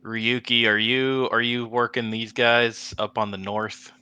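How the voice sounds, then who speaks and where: Low-ish guy with a crisp bright voice, slow, dry close mic, lots of ums. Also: flat delivery, no echo. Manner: hesitant, thinking aloud with ums. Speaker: player. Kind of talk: playing a tabletop game.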